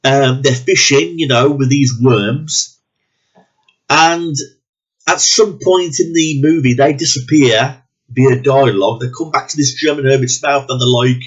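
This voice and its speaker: A man's voice: medium pitch, a little slow, husky. A man ranting bluntly and profanely in a movie review, sounding disgusted and exasperated. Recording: dull lo-fi recording.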